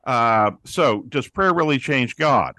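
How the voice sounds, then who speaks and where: A man's voice: mid-range voice, lively intonation, takes it slowly, bright, forceful tone, no room sound. A man teaching like a preacher in an interview, his voice rising and falling as he acts out the people he quotes. The sound is dry and close, with no room around it. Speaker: guest, pastor-author on prayer.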